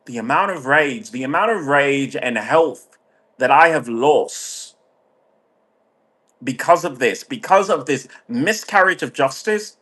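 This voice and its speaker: Male vlogger, mid pitch, profane sardonic ranter. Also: animated, measured pace, a bit bright. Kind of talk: ranting monologue.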